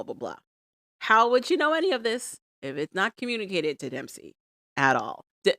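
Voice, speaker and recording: A woman co-hosting a podcast, recapping reality TV in an animated, exasperated, emphatic way. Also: sits low, no echo, clean studio sound. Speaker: podcast co-host. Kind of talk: casual chat recapping reality TV.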